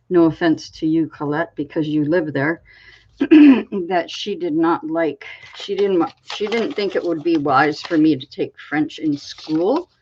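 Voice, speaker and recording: A woman from Canada, hosting a crafting channel, chatting in a meandering way with a slight frog in her throat that she keeps clearing. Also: low-pitched. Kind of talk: casual rambling chat. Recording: dull lo-fi recording.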